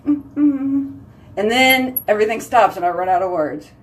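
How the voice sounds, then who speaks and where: A woman's voice: mid-range voice, expressive, a little fast. Woman chatting to her viewers, voice all over the place up and down, kinda far from the mic. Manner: chatty, giggly storytelling. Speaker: vlog host answering viewer comments. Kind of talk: casual live chat. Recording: voice slightly off-mic.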